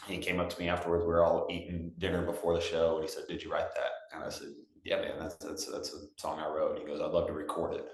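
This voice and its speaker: A young man from Texas, a singer-songwriter guest, telling stories in a relaxed, chatty way with lots of fillers. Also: extremely low pitch, fast talker, hardly any pauses. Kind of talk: casual storytelling. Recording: roomy echo.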